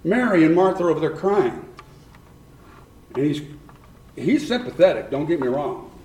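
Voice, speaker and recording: A man's voice: a little high, big pitch swings, normal speed, a little mellow. A man preaching a sermon who keeps questioning his congregation and repeats points for emphasis. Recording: echoey room.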